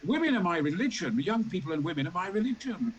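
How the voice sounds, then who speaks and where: A man in his eighties with a Yorkshire accent, a talk show guest telling stories theatrically and acting out the characters with booming outbursts. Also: fast talker, muffled recording, a little hiss or hum. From Yorkshire, England. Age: 80s. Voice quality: booming, larger-than-life delivery with sudden loud outbursts. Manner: animated storyteller who acts out every character.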